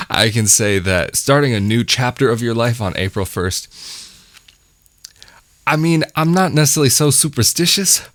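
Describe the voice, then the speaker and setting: A man's voice: mid-range voice, animated, normal speed, a bit bright, dry recording, clean studio sound. A young American man from the West Coast, talking to camera in a thoughtful, musing vlog and correcting himself as he goes. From West Coast of the United States. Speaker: vlogger. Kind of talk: reflective solo talk to camera.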